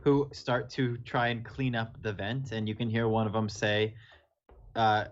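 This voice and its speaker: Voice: mid-range voice, level tone, a little slow. Laid-back game master narrating loosely. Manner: loose, laughing, profane narration. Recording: dull lo-fi audio.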